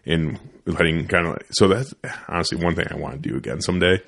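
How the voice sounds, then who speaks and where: Podcast host, young man, deep low voice, loose profane storyteller, studio chat. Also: quick pace, vocal fry, a bit bright.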